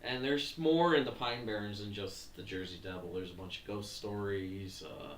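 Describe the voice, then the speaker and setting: A young man co-hosting a casual livestream podcast, excitable, laughing a lot and calling everyone dude and bro. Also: on the low side, moderate pace. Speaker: podcast co-host. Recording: echoey room from far off mic.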